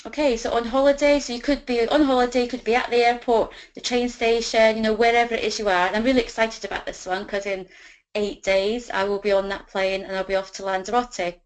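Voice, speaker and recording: A woman's voice: a little high, fairly even intonation, a little fast, rough recording. A woman coaching sales conversation scripts, talking chattily and filling her speech with "you know". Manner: chatty, fills with "you know", acts out sample dialogue. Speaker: business trainer.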